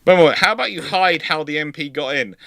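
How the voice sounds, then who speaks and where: A man's voice: fairly high pitch, brisk, gravelly, pushed and bright, dry recording. Man answering history questions live. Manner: explanatory, rambling with restarts. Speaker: host. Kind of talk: live viewer Q&A.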